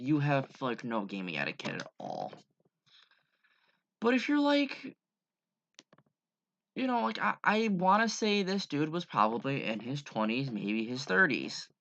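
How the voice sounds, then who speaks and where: Young male gamer, rambling rant, gravelly voice, dull lo-fi mic. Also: a little high, a bit bright. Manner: rambling, profane, exasperated. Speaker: gaming YouTuber. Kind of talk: casual rant over gameplay.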